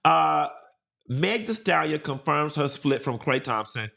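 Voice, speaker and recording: Man, live stream host, sassy, animated, repetitive gossip commentary, slightly high voice. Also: unhurried, gravelly. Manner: sassy, animated, repeating for emphasis. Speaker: livestream host.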